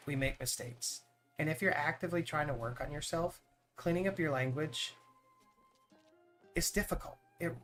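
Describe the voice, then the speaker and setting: A man's voice: medium pitch, fairly bright tone. A man chatting on his live stream in an earnest, rambling way, often repeating words as he starts a thought. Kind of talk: casual chat on a live stream.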